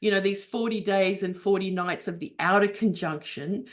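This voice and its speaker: A woman's voice: medium pitch, moderate pace. A woman teaching astrology in a webinar, explaining a chart step by step with frequent fillers and restarts over a video call.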